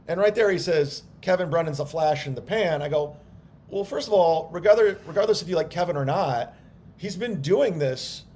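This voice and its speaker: A man's voice: fairly high pitch, a little mellow, slight background noise. Annoyed, blunt man on a livestream rant. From United States. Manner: annoyed, defensive, blunt with frequent swearing. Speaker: stand-up comedian.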